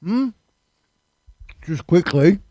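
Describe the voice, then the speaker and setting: A man's voice: fairly high pitch, big pitch swings, very slow, warm tone, no room sound, highs cut off. A man hosting a live stream, chatting casually and rambling with lots of ums and uhs. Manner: easygoing, swears casually.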